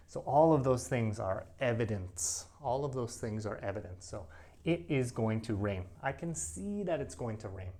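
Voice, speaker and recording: A middle-aged man teaching an English grammar lesson to camera, acting out little example sentences in an animated way. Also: medium pitch.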